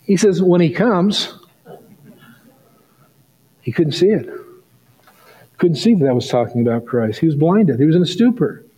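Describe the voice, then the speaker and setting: A middle-aged male pastor preaching a sermon, telling a story and rising to excited peaks. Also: on the high side, a little slow, long pauses, slightly rough, low-quality recording.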